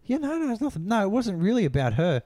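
Lively swearing man. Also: sits high, quick pace, no room sound, studio quality. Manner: swears freely, laughs often, rambling. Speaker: podcast co-host. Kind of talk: casual chat.

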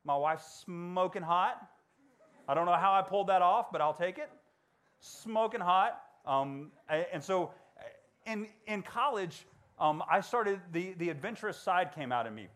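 A man in his forties telling personal stories to a young audience in a casual, animated way. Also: measured pace. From Georgia. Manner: animated, acts out dialogue in high voices. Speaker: motivational speaker. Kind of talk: storytelling talk to students.

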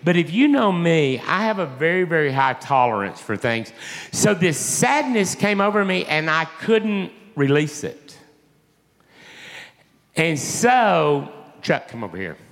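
A man preaching a sermon, telling an emotional story in an animated way. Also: a little high, unhurried, big-room sound. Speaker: pastor.

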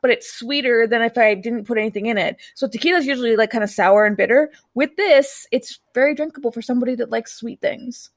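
A woman's voice: on the high side, fast talker, few pauses, no echo, studio quality. A woman co-hosting a podcast, blunt and offhand in casual chat. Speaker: podcast co-host.

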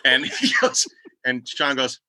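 An older man from Boston telling stories in a casual chat, animated and slipping into voices as he recounts events. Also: mid-range voice, takes it slowly, no room sound, low-quality recording. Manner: animated storyteller, slips into voices. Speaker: podcast guest.

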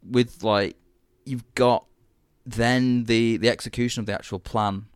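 A man's voice: mid-range voice, fairly even intonation, measured pace, smooth, no room sound. A man, chatting casually and enthusiastically about a TV series as podcast co-host, rambling and swearing freely.

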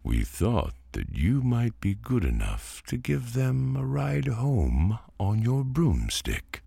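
A man's voice: medium pitch, huge pitch swings, slow pace, vocal fry, warm tone, slightly rough, dry recording, pitched above the performer's own voice, exaggerated voice. A man voicing a grand, lordly talking pumpkin in a bedtime storybook reading.

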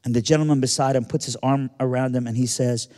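A man's voice: mid-range voice, steady tone, quick pace, mellow. An American man telling a personal story in an earnest, vivid way, repeating phrases for weight. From United States. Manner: earnest, vivid retelling with repetitions. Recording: long reverb of a large hall.

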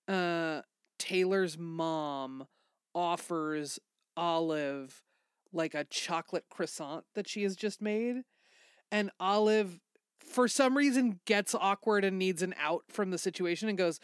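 A woman's voice: mid-range voice, measured pace, smooth, no room sound, studio quality. A woman in casual conversation about a movie, with a wry sense of humor. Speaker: podcast co-host. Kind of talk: casual film review chat.

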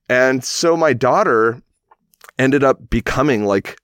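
Speaking at medium pitch and a moderate pace, a man in his thirties casually recounts a long personal tale for a podcast. He wanders, fixes his own words and laughs softly as he goes, recorded in studio quality with no room sound.

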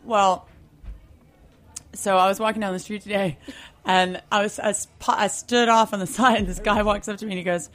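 A woman's voice: mid-range voice, moderate pace. A woman guest on a radio show, telling a funny story with lots of swearing and acted-out quotes. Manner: animated storyteller, swears freely, acts out quotes. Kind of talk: casual chat and storytelling.

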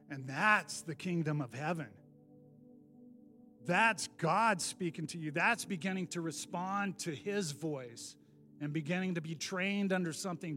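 A man's voice: on the high side, sharp tone. A man telling his personal testimony in a candid, earnest storytelling manner with sudden emphatic bursts. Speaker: speaker giving a personal testimony. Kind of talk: spoken testimony message.

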